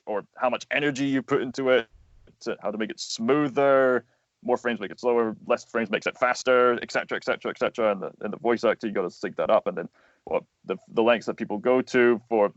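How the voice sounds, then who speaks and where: A man's voice: on the low side, dry recording. Earnest young man explaining, lo-fi sound. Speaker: guest, voice actor and animator. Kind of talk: casual interview talk. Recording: dull lo-fi sound, dry.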